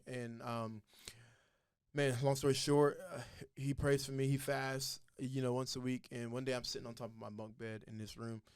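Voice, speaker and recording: A man's voice: mid-range voice, clear, resonant tone, no room sound, clean studio sound. Earnest man telling his testimony. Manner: earnest, animated, acts out voices in his story. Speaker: podcast guest. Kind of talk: casual storytelling testimony.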